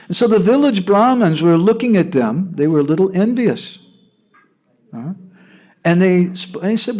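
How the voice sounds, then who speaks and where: American man, devotional storyteller, lively, checks with listeners, somewhat high voice. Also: normal speed. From United States. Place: devotee's home.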